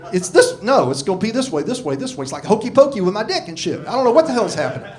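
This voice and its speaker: A man's voice: high-pitched, very animated, rapid-fire, hardly any pauses, darkish tone. A man in his sixties doing a crude, self-mocking stand-up set on a club stage, swearing freely into a handheld mic. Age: 60s. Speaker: stand-up comedian. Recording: live club audio with crowd laughter. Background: audience laughing.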